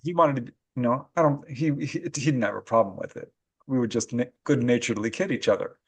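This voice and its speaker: A paranormal researcher and author appears as a podcast guest, telling stories in a middle-pitched voice. He talks fast with a breathy edge, animated and laughing often, in a relaxed, conversational interview style.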